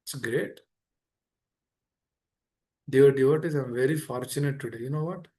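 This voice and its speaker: A man giving a devotional talk to devotees, earnest and pleading, repeating phrases as his voice swings between soft and emphatic. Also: medium pitch, normal speed. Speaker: speaker at a temple meeting. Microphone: online meeting room.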